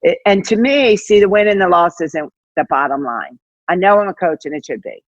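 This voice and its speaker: An older woman, a head basketball coach, chatting as an interview guest, telling stories in an animated way with lots of fillers and acted-out quotes. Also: on the low side, brisk, no room sound, muffled recording. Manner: animated, acts out quoted dialogue, many fillers. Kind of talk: casual interview storytelling.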